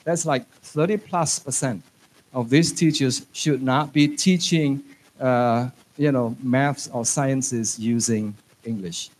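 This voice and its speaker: A man's voice: mid-range voice, slow, slight background noise. A man giving a conference lecture to teachers, chatty and joking, dropping in phrases. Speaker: conference speaker on English teaching. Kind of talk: lecture to an audience.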